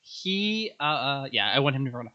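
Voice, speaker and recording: A young man chatting as a podcast guest, telling stories in an animated way and acting out characters' lines. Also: medium pitch, moderate pace, dull audio. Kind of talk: casual podcast chat.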